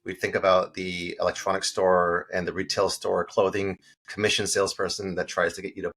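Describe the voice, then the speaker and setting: A man's voice: low-pitched, brisk. A middle-aged man, a sales coach guest on an interview show, telling stories animatedly and acting out the dialogue. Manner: animated storytelling, acts out quoted dialogue. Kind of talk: casual interview talk.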